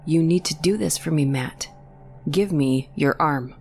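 A woman's voice: sits low, a little slow, creaky, a little mellow, a little hiss or hum. A woman voicing a frightened, insistent young woman, who talks urgently and drops into whispers.

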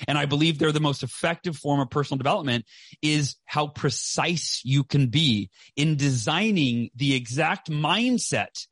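A man's voice: a little high, fairly bright tone, dry recording. A man in his forties giving a passionate motivational interview, emphatic, repeating phrases and often asking "right?". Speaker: podcast guest, author and speaker.

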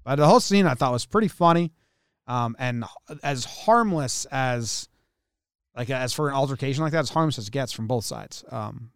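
Animated man retelling a baseball scuffle. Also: mid-range voice, moderate pace, clear, resonant tone, no room sound, clean studio sound. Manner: animated storyteller, acts out quotes, swears. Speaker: podcast co-host. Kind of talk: casual sports chat.

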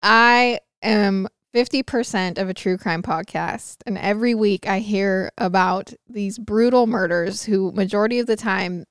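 A woman's voice: mid-range voice, clean tone, no room sound, clean studio sound. Teasing woman podcast co-host. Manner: quick teasing interjections. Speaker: true crime podcast co-host. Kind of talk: casual chat.

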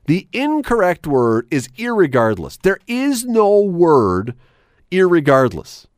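A man's voice: wildly swooping pitch, takes it slowly, no echo, studio quality. A man hosting a radio show, ranting sarcastically about phrases he can't stand. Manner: emphatic, sarcastic, wide swings in pitch. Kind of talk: opinionated talk radio rant.

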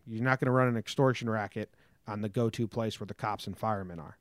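Fast-talking and fairly low-pitched, this podcast co-host comes through with studio quality and no room sound. He's animated and casual, spinning funny stories, cursing freely and performing the quotes he recounts.

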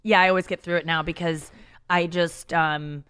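A woman's voice: lowish voice, fairly even intonation, moderate pace, a bit bright, clear, resonant tone. A woman talking candidly as a comedian guest in a podcast conversation, frank and self-deprecating, rambling with many restarts.

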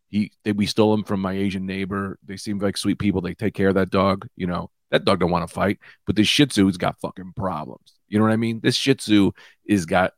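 A man in his thirties hosting his own comedy podcast, high and rambling loosely from one tangent to the next. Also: no room sound, studio quality. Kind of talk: casual comedic monologue. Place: small room with lights out.

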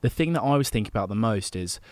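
A man's voice: lowish voice, lively intonation, quick pace, a little mellow, no echo. A young man co-hosting a podcast, chatty and supportive, mimicking people in his stories. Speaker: podcast co-host. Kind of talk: casual podcast chat.

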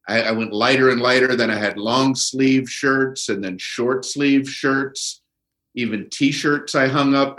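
A middle-aged man talks as a comedian guest on a podcast, unhurried and thoughtful, with pauses between phrases. His voice sits mid-range and carries a noticeable room echo. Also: mid-range voice, a bit bright. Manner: measured storytelling with pauses. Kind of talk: relaxed podcast conversation.

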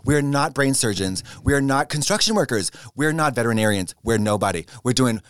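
A man co-hosting a comedy podcast in casual chat, theatrical and quick to laugh, acting out quotes in voices. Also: mid-range voice, sing-song, fairly bright tone, clear, resonant tone, dry recording. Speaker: podcast co-host.

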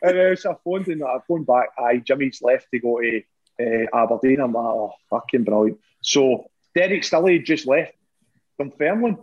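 A man's voice: medium pitch, animated, normal speed, lo-fi sound. A man with a Scottish accent, a former footballer, telling swearing, laughing anecdotes in casual chat.

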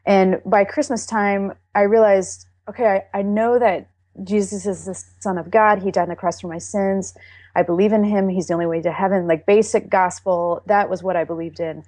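A woman's voice: medium pitch, steady tone, normal speed, dark tone, dry recording. A middle-aged woman from Texas tells her faith testimony in an earnest, emotional way. She halts and restarts as she talks. Her voice sounds close and dry. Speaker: interview guest.

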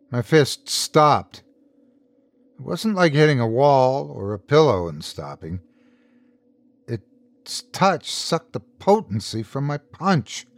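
Man, horror story narrator, first person, deliberate, dry close recording. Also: medium pitch, no echo. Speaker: host and narrator.

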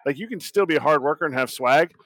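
A man's voice: fairly high pitch, fast, a bit bright. A man co-hosting a sports podcast, giving an earnest, thoughtful take. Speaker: podcast co-host. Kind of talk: casual sports chat.

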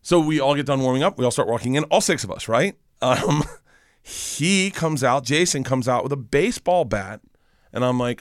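Male co-host, mid pitch, rambling self-deprecating storyteller, dry close recording. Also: lively intonation, normal speed, no echo. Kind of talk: casual storytelling chat.

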